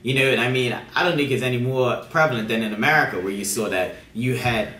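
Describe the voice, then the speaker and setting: A man's voice: mid-range voice, quick pace, pushed and bright. A man co-hosting a casual political discussion, pressing his points emphatically and repeating words. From Bermuda. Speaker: co-host. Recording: roomy, from a distance from the mic.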